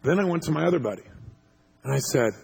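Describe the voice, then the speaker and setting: A man telling a story to an audience as a motivational speaker, animated and laughing as he acts out what people said. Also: a little high, fast talker, creaky, slightly rough.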